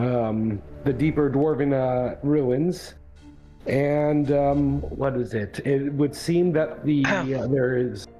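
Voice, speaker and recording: A man recapping the last tabletop game session in a halting way, with many fillers. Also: mid-range voice, warm tone, rough recording. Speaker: player.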